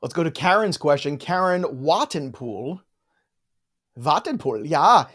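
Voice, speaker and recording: On a live fantasy football show, a man with a fairly high, highly animated voice banters with his co-host and reads viewer questions in a lively but unhurried way.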